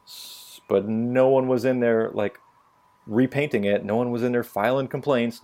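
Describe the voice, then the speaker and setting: A man's voice: mid-range voice, fairly even intonation, normal speed, dark tone. A young man telling stories on a casual opinion podcast, blunt and profane. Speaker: podcast co-host.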